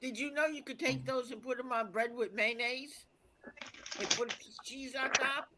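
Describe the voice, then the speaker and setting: A playful woman with a somewhat high voice chats on a casual stream, teasing the others and firing off questions. A faint noise sits under her voice. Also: normal speed. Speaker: chat guest. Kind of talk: casual chat.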